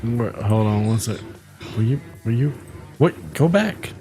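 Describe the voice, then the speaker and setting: A man's voice: fairly low pitch, animated, unhurried, dark tone, soft background music. A man hosting a podcast in casual chat, with a dry, mock-pompous delivery. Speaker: podcast host.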